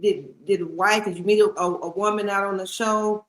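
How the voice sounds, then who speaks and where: A woman's voice: medium pitch, fairly even intonation, fairly quick, a bit bright, reverberant, low-quality recording. A woman co-hosting a motorcycle podcast, asking long, rambling questions. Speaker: co-host. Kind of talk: interview questions.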